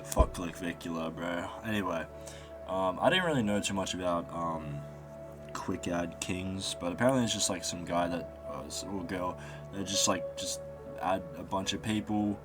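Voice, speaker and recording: Brief: young male vlogger, low voice, loose profane storytelling, music bed clearly audible. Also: moderate pace. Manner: rambling, profane, mock stammering. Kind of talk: casual storytelling monologue. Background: background music.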